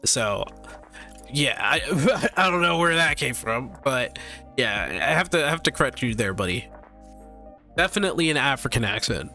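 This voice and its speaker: A man's voice: mid-range voice, big pitch swings, normal speed, gravelly, sharp tone, soft background music. A man streaming live, chatting casually and animatedly with his viewers, laughing often and tripping over his words.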